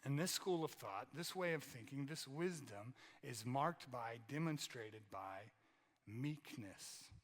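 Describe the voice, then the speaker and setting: A man's voice: medium pitch, expressive, slow, in a large hall. A man preaching a sermon in a conversational way, often tagging lines with "right?" and repeating phrases for emphasis. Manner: conversational, keeps asking "right?". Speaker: pastor. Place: church sanctuary.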